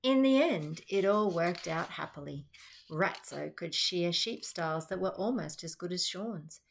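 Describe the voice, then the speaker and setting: Australian woman, middle-aged teacher, slow careful pace, low-ish voice, children's storytime read-aloud. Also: creaky, slight background noise. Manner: lively, chatty asides to young listeners. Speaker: teacher reading picture books aloud.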